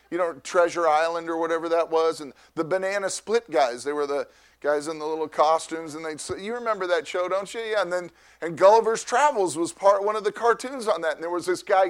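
A middle-aged man preaches as a pastor, his voice pitched high. He rambles and restarts in a conversational way, acting out the people he quotes with rising energy. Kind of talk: sermon.

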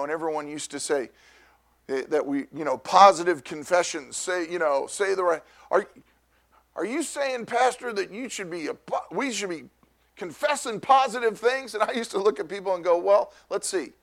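A middle-aged man preaching as a pastor in a rambling, conversational way, acting out the people he quotes. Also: high-pitched. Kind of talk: sermon.

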